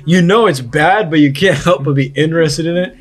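A young man, a podcast host, rambles through a story in a casual chat, talking a little fast in a fairly high-pitched voice. His storytelling is full of fillers and restarts.

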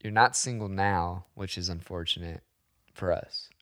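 A man's voice: sits low, a little slow, a bit bright. A man hosting a casual podcast chat, joking crudely with his guest. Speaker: podcast host.

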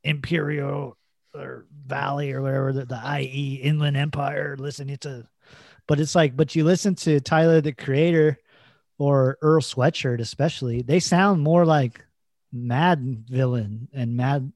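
Chill podcast guy, mellow dark voice, dry close sound, lots of likes and you knows. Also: medium pitch, fairly even intonation, a little slow, gravelly, no room sound. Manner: laid-back, swears, laughs while telling stories; fillers like "like" and "you know". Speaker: podcast co-host. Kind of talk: casual chat.

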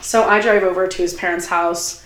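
A young woman telling a long personal story in casual chat, animated and full of fillers and quoted asides. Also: on the low side, a little fast. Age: young adult. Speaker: podcast guest. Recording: roomy echo.

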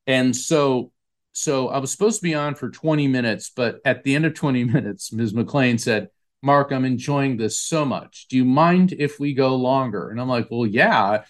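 A man's voice: mid-range voice, moderate pace. A man, a psychic medium guest, telling a long anecdote in an interview and acting out the voices he quotes. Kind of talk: storytelling in an interview.

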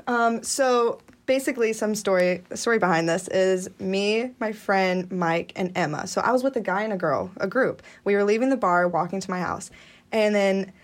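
A woman's voice: mid-range voice, moderate pace. A woman guesting on a podcast, telling a story in a giggly, laid-back way. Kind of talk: casual chat.

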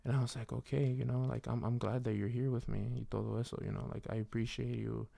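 A young man telling a personal faith story in a casual, rambling way, with many fillers and a soft, reflective delivery. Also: mid-range voice, flat delivery, fast talker, vocal fry, dry recording. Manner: rambling, full of "you know" and "like". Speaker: vlogger sharing a faith testimony.

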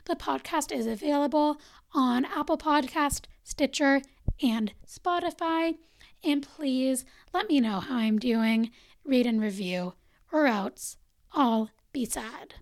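A woman's voice: high voice, takes it slowly, dry recording, rough recording. A woman podcast host reading a poem aloud with dramatic flair, then giving a chatty, upbeat sign-off. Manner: dramatic recitation, dropping to whispers on some lines. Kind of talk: poetry reading and podcast outro.

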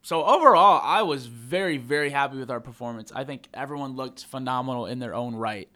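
A young man co-hosting a casual sports podcast, talking in an animated, rambling way with jokes and swearing. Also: mid-range voice, a little fast. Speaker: podcast co-host.

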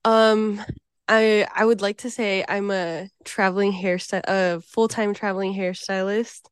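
Slow, nervous young woman from Hawaii. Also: mid-range voice, fairly even intonation, smooth, no room sound, clean studio sound. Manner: nervous and hesitant, many ums. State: ill, a bit wheezy. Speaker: guest, traveling hairstylist. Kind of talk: casual podcast chat.

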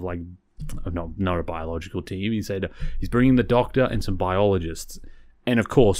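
A man's voice: on the low side, dry recording, studio quality. A man hosting a podcast, recapping an episode in a casual, rambling way and often correcting himself. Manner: rambling, self-correcting, conversational. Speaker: podcast host.

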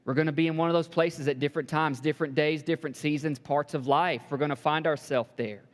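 A man preaching a sermon to a congregation, building to emphatic peaks and dropping to soft, hushed lines, with joking asides. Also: on the high side, steady tone, quick pace. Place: church sanctuary. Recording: long hall reverb.

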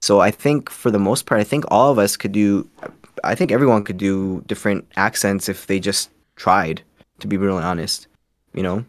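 A Canadian man with a fairly low voice chats as a podcast guest. The sound is dry and close, with no room around it. He rambles in an easygoing, self-deprecating way. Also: steady tone, moderate pace, no echo. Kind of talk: casual podcast chat.

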